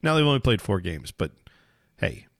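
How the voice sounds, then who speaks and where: A man's voice: on the low side, very animated, normal speed, fairly bright tone, no echo, studio quality. A man co-hosting a podcast, chatting about soccer in an easygoing, joking way. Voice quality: easygoing, joking, trails off and restarts. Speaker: podcast co-host. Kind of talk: casual sports chat.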